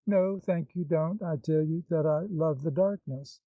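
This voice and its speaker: A man's voice: fairly high pitch, measured pace, no echo. A man reading the part of a bold, impertinent young woman with a glib, mocking manner, in a dull, dry recording. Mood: playful mocking.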